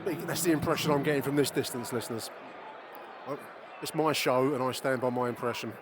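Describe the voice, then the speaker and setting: A man's voice: mid-range voice, brisk. A middle-aged man, a podcast host recording casual, opinionated match commentary from the stands, swearing and talking straight to his listeners. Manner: chatty, opinionated, swears, addresses listeners directly. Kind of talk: casual in-stadium football commentary. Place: football stadium stands, outdoors. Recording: noisy crowd stadium recording.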